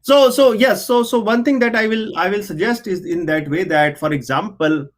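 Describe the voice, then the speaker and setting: A man's voice: high voice, moderate pace. A man, an engineer and researcher, speaking as an interview guest, explaining things earnestly and often checking in with "right?". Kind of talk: explanatory conversation.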